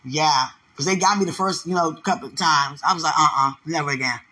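A speaker in a casual faith-filled monologue who laughs often, teases and keeps asking whether the listener understands, and who acts out quoted voices in a raised pitch. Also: brisk, pushed and bright, low-quality recording. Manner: laughs often, teasing, repeats "you understand?".

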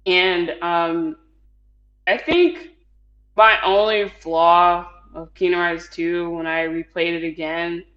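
A man's voice: high-pitched, steady tone, takes it slowly, dull audio. A man chatting casually as a podcast co-host, rambling with many fillers and frequent laughs. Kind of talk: casual chat.

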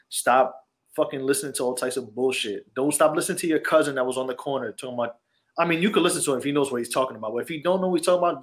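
A man from New York co-hosting a casual podcast, ranting brashly and swearing freely. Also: on the high side. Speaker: podcast co-host. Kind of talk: casual chat.

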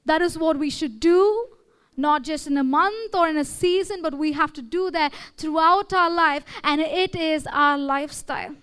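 Very high-voiced Indian woman preaching. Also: moderate pace, a bit bright. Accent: Indian English. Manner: conversational, checks in with "okay?" and "all right?". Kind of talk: sermon.

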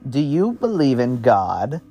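A man's voice: mid-range voice, huge pitch swings, slow pace, warm tone, faint music behind, heavily acted. A man reading a charming young woman recruiter. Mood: friendly.

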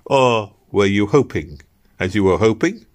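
A man's voice: animated, measured pace, darkish tone. A man voicing a fussy, motherly middle-aged French nurse in an audiobook, gushing and prying. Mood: kindly prying. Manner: gushing, prying, rises high when surprised. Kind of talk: audiobook reading.

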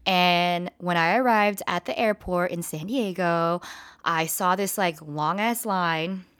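A woman's voice: on the low side, slow, no room sound, clean studio sound. Chatty, profane woman telling a story. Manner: chatty, profane, animated retelling. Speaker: vlogger. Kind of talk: casual storytime.

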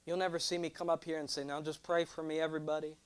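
A young man preaching a sermon, animated and joking, drawing responses from his congregation. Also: fairly high pitch, fast talker, smooth. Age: 20s. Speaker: pastor.

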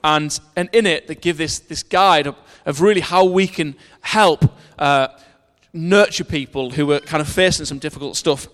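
A man delivers a sermon, weaving a personal story around scripture readings in an earnest way and often restarting his phrases. His voice sits a little high for a man. The long reverb of a hall trails behind every line. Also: normal speed, fairly bright tone. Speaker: preacher.

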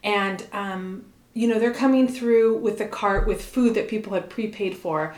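A woman's voice: mid-range voice, a little slow. Woman telling a travel story, echoey room. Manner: animated storytelling, swears, quotes people. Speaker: storyteller in a chat. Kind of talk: casual chat. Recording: roomy echo.

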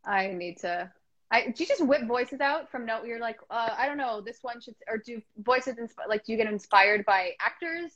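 A woman's voice: fairly high pitch, animated, normal speed, a bit bright, dull audio. A woman hosting a casual interview, friendly and laughing often, with short reactions. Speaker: interviewer host.

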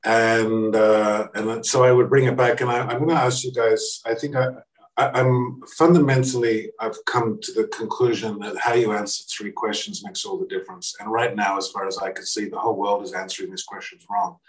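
A man's voice: lowish voice, level tone, moderate pace. A man from Australia, a guest speaker telling a story to a live audience. He acts out the quoted dialogue and often restarts his sentences. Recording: voice picked up from a distance.

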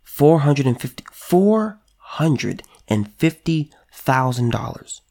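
A man's voice: medium pitch, very animated, slow pace, creaky, mellow. A man giving political commentary in a vlog, pressing hard with repeated rhetorical questions and stammering restarts when he gets worked up. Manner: emphatic, repetitive rhetorical questions. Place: California.

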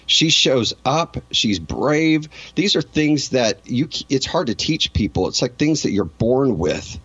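A man's voice: mid-range voice, expressive, measured pace, a bit bright, slightly rough, no echo, highs cut off. A man being interviewed, telling a personal story in an earnest, emotional way and often restarting his sentences. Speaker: interview guest.

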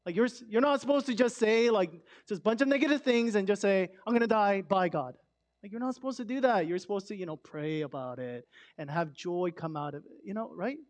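Guy preaching, pretty high voice, chatty and punchy, drops to near quiet sometimes. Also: fast. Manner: conversational, emphatic with swings from loud to hushed. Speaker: pastor. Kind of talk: sermon.

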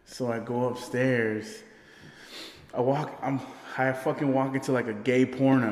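A man's voice: mid-range voice, steady tone, measured pace, a little hiss or hum. A man telling a party story in casual chat, rambling and swearing, laughing often. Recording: roomy with long reverb.

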